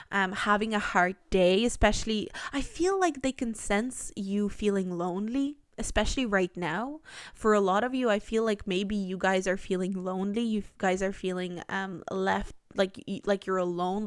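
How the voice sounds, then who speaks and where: A woman's voice: mid-range voice, steady tone, moderate pace, clean tone, no room sound, studio quality. A young woman giving a pick-a-card tarot reading to her viewers, earnest and gushing, rambling as she goes. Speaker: tarot reader.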